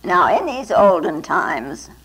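A woman's voice: fairly low pitch, very animated, slow, fairly bright tone, breathy edge, poor audio. A woman Zen teacher giving a dharma talk, telling stories and often adding little tag questions. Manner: storytelling with frequent tag questions.

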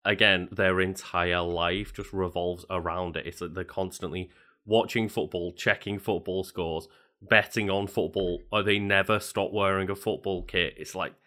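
A man co-hosting a casual chat, giving relaxed, wry comments. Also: low voice, moderate pace. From Liverpool. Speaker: podcast co-host.

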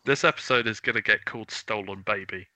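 A man co-hosting a podcast, chatting casually and teasing his co-host with deadpan jokes. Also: fairly low pitch, fairly quick, dry recording. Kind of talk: casual chat.

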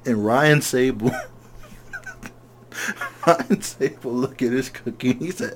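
Young man telling animated high school stories. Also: takes it slowly, long pauses, a little hiss or hum. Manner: animated storyteller, acts out quoted voices. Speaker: podcast co-host. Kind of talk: casual chat.

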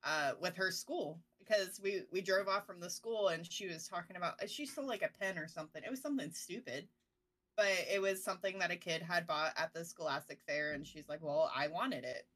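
A woman co-hosts a relaxed podcast and talks frankly about family matters. Her voice is bright and sharp. She keeps it matter-of-fact, with crude asides. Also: on the low side, a little fast. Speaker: podcast co-host, parent. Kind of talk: casual podcast chat.

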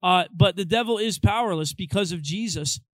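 A man's voice: high-pitched, brisk, fairly bright tone, no room sound, rough recording. A young adult man, a pastor, talking casually, emphatic and joking. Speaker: youth pastor. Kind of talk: casual chat.

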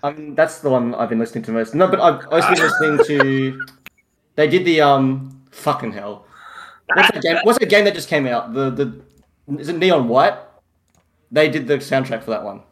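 A man co-hosting a podcast, rambling in casual chat with halting restarts and trailing off quietly. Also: mid-range voice, expressive, a little hiss or hum. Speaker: podcast co-host.

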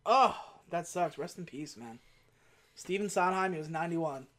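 A woman co-hosting a relaxed podcast chat. She retells a movie plot in a loose, rambling way, with fillers and short acted-out quotes. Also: fairly low pitch, normal speed. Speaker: podcast co-host. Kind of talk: casual movie recap chat.

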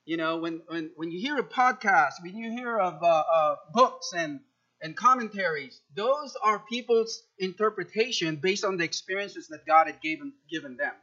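A man preaching a sermon, animated, often repeating words and acting out quoted speech with sudden loud jumps. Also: high-pitched, normal speed, lo-fi sound. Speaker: pastor.

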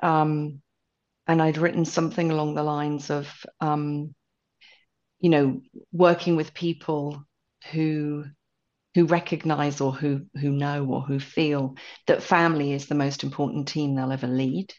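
Slow, low-voiced reflective woman co-host. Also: flat delivery, a little mellow. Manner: thoughtful, measured, hesitant with ums. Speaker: podcast co-host. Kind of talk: casual reflective chat. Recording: dull lo-fi podcast audio.

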